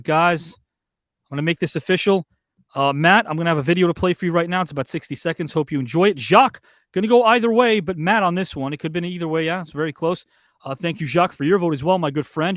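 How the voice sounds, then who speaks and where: An upbeat male host with a high voice, reading viewer comments and votes on a live online show. The sound is dry and close, with no room around it. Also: a bit bright, no echo.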